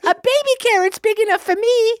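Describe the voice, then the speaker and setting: A man voicing an eager, demanding tiny little man in a squeaky, very high-pitched voice. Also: a little fast, no room sound.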